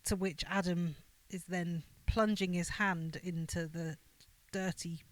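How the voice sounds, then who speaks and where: A woman's voice: lowish voice, steady tone, slow. A woman co-hosting a film podcast in casual chat, recapping the plot step by step and laughing easily. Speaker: podcast co-host.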